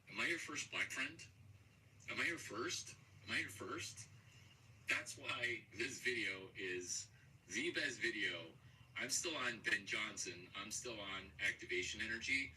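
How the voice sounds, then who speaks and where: A man delivering a rambling, profane monologue with erratic, jumpy delivery and sudden loud outbursts. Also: lowish voice. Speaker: vlogger. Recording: distant mic with faint background noise.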